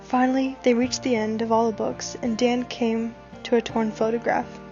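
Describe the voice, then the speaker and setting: A woman's voice: a little high, little pitch movement, normal speed, a little mellow. A woman reading a fan fiction story aloud, narrating expressively. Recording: dull recording with background music.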